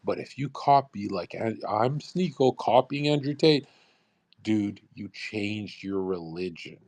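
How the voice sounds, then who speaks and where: A man's voice: fairly low pitch, expressive, a little slow, a little mellow. A young man ranting on a live audio stream, profane and sarcastic, speeding up in bursts and laughing at his own jokes.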